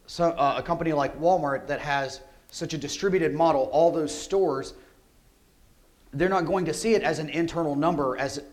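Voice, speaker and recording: A man giving a security conference talk, energetic and conversational, often asking rhetorical questions. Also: fairly high pitch. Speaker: conference speaker. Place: conference hall.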